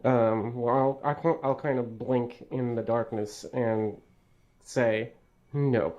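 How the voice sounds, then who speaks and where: A man's voice: medium pitch, steady tone, takes it slowly, darkish tone, muffled recording. A man playing a tabletop game, describing his moves hesitantly with many fillers. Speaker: player.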